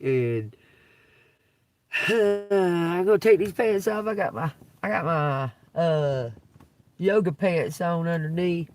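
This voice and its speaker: A woman telling profane, laughing stories on a casual livestream, breaking into loud outbursts. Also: lowish voice, expressive, slow, far from the mic. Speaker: livestream host. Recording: dry, from away from the mic.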